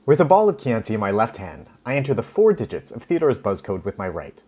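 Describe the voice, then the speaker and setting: A man from Canada reading his own first-person story in an expressive, wry way, with dramatic pauses. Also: lowish voice, breathy edge.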